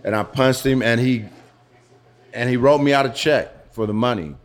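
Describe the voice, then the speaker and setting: A middle-aged man being interviewed in a pizza restaurant, telling his own story frankly with halting restarts. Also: mid-range voice. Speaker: interviewee, former dancer turned business owner. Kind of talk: candid personal storytelling.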